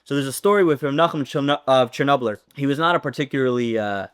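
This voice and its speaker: A man teaching a Torah class, telling a story with lively acted-out dialogue. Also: mid-range voice, fast talker, clean tone. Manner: animated storyteller, acts out dialogue.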